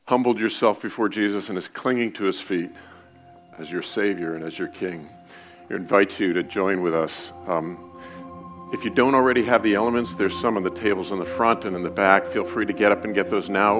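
A man calmly explaining communion steps to a church congregation. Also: low-pitched. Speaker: church leader giving announcements. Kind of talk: church announcement.

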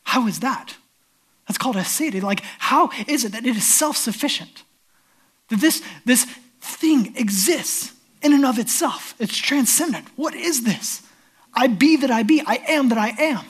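Animated man preaching. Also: high-pitched. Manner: animated storytelling, swings from loud to hushed. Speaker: pastor. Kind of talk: sermon.

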